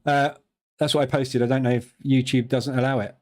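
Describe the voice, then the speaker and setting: A chatty man with a southern English accent, speaking at an ordinary middle pitch as he hosts a live trading stream. He talks casually to his viewers, answers their questions aloud and laughs easily at his own jokes. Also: flat delivery, a little fast, a little mellow. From southern England.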